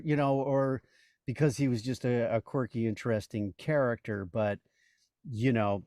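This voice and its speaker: A man's voice: mid-range voice, steady tone, moderate pace, darkish tone, no room sound, clean studio sound. A man in his sixties, a voice actor and comedian, telling stories as a guest in a casual interview, rambling with many "you know"s and restarts.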